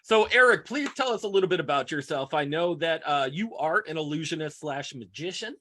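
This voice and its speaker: Brief: male host, bright tense tone, fairly high, quick to joke. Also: expressive. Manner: jokey interrupting questions. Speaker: podcast host. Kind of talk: casual interview.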